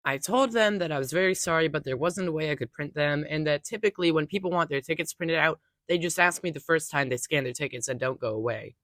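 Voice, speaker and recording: A young adult theater worker narrating casual workplace stories in an animated, wry way. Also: mid-range voice, fast talker, hardly any pauses, no echo.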